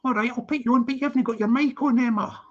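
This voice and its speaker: A man's voice: extremely high pitch, fairly even intonation, fast. A man hosting a casual live stream who rambles, repeats himself and laughs often. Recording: dull lo-fi stream audio.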